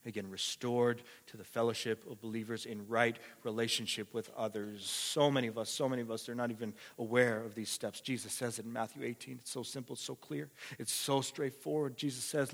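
A male pastor preaching a sermon, emphatic and repetitive, swinging from quiet to passionate. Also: mid-range voice, steady tone, brisk, hardly any pauses. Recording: echoey hall reverb.

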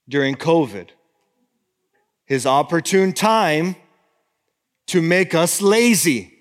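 A man preaching a sermon as pastor, swinging between fervent exhortation and hushed, intimate appeals. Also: high-pitched, in a large hall.

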